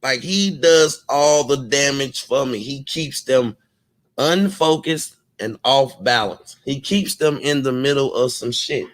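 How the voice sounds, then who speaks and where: A man's voice: medium pitch, takes it slowly. A man talks straight to his channel audience in a loose, profane rant. He slips into short mocking impressions of other people, then drops back into his own casual voice. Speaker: commentary channel host. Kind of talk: casual ranting commentary.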